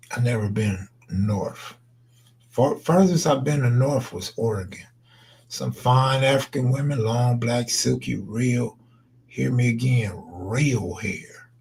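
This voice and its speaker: A man's voice: mid-range voice, creaky, a little mellow, husky. A man chatting loosely on a late-night live stream, answering viewers in slangy, laid-back talk that trails into mumbles.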